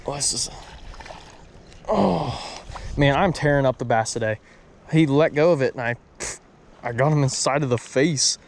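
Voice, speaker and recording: A young man hosting a fishing vlog, excitable and flustered as he talks to his viewers outdoors. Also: medium pitch, moderate pace. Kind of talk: casual fishing vlog talk. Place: outdoors by the water. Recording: noisy outdoor recording with wind.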